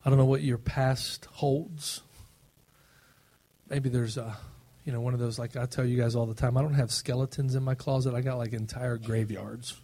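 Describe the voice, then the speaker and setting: A male pastor preaching a sermon, emphatic and swinging between loud passages and soft, low ones. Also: level tone, normal speed.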